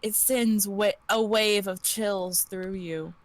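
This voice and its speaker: A woman's voice: medium pitch, fairly even intonation, slow pace, no echo. A woman narrating an interactive story game on a live stream, giggling and stumbling over words as she reads. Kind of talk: reading interactive fiction aloud on a live stream.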